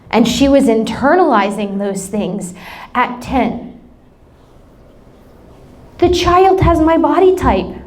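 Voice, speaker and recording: A woman in her thirties preaching a sermon, telling personal stories in a candid, emotional, self-deprecating way. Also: fairly high pitch. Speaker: pastor.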